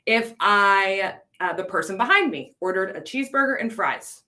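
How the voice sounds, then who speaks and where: A woman's voice: mid-range voice, lively intonation, normal speed, sharp tone. An American woman coordinating an ESL program, teaching on a casual live stream, chatty, laughing often and answering viewers' comments.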